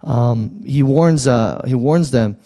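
A man preaching a sermon as pastor in a conversational, halting way. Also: medium pitch, mellow.

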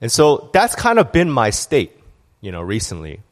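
A man's voice: medium pitch, wildly swooping pitch, moderate pace. A man preaching a conversational sermon, candid and storytelling, with frequent restarts and asides. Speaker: church speaker.

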